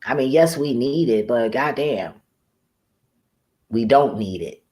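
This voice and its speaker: A woman's voice: a bass voice, lively intonation, slow, warm tone. A woman vlogger ranting casually to camera in a blunt, profane way, often laughing at her own remarks. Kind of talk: casual rambling rant to camera.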